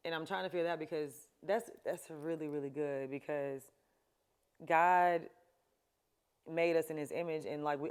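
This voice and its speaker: A woman hosting a talk show gives chatty, emphatic advice to camera for her viewers, laughing often. Her voice sits low and is smooth and a little mellow.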